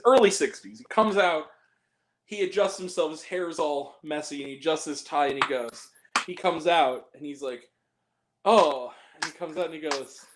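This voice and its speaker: Male host, high register, animated and profane in loose film talk. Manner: animated, rambling, swears freely. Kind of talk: casual movie chat.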